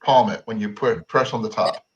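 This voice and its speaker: Man, show host, brief matter-of-fact chat, husky voice. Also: lowish voice, normal speed. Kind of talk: casual chat.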